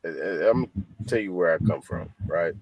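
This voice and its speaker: A man's voice: deep voice, a little fast, slightly rough, poor audio. A man from California speaking emphatically as a panelist on a heated live-stream debate, acting out what others said. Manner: emphatic, animated, mimics others.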